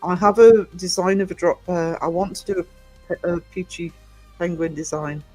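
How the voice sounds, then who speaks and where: A man's voice: sits high, fairly even intonation, moderate pace, a little mellow, husky, dry recording, faint music behind. A man hosting a casual livestream, rambling through viewer comments with lots of ums and restarts. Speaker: livestream host and small publisher.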